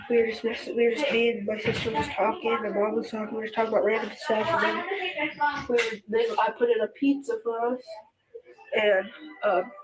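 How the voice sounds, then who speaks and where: A woman telling police what happened, in a halting way, with many restarts. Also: fairly high pitch, low-quality recording. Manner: halting, full of restarts and "and stuff". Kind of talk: recounting events to police. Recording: body-cam clip with music over it.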